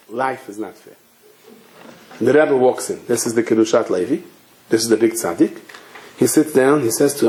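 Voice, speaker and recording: A rabbi giving a sermon, asking rhetorical questions and telling stories. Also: male voice, mid-range voice, normal speed, long pauses, warm tone. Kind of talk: sermon with storytelling. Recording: echoey room.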